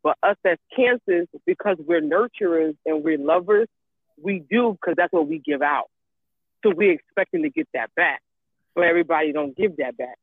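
A woman's voice: fairly low pitch, expressive, moderate pace, slightly rough, dry recording. A woman in casual chat who talks emphatically, repeats herself, and swears freely. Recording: tinny phone-like line.

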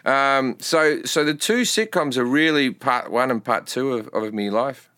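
A man with an Australian accent, a comedian telling animated stories with acted-out shouts in a casual podcast chat. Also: mid-range voice, measured pace, clear, resonant tone, no echo, clean studio sound. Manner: animated storytelling, swearing, acting out crowd shouts. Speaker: guest comedian.

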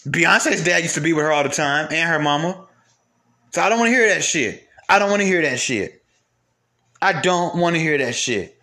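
A man with a high voice rants straight to camera, piling up profanity and rhetorical questions. His tone is sharp and forceful, and he keeps hammering the same points. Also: lively intonation, normal speed. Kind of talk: heated profane rant to camera.

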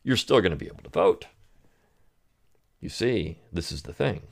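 A man's voice: sits low, lively intonation, normal speed, creaky. A man hosting a political commentary podcast, talking in a sarcastic, mocking way. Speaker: podcast host.

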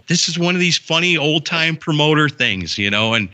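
A man's voice: on the high side, normal speed. A man from Wisconsin, a ring announcer and guest, telling stories in casual chat and acting out the dialogue. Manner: animated, acts out quoted dialogue.

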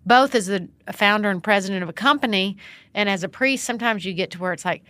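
A woman's voice: medium pitch, quick pace, dry recording. A middle-aged woman, a founder and priest, telling stories in a conversational interview and acting out what people said. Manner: animated, expressive storyteller who acts out quotes. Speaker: guest, nonprofit founder and priest.

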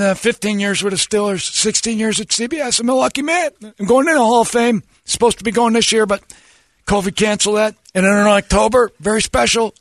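A stumbling, earnest football analyst on TV, impersonated by a man, full of filler sounds and self-praise. The voice is husky and gravelly and fairly high. It is recorded close and dry. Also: no room sound. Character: impression of a middle-aged male football TV analyst.

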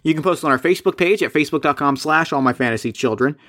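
A man's voice: a little high, quick pace, fairly bright tone. A man co-hosting a podcast, chatting casually and reading out the show's plugs with dry, offhand quips. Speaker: podcast co-host. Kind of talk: casual chat and show plugs.

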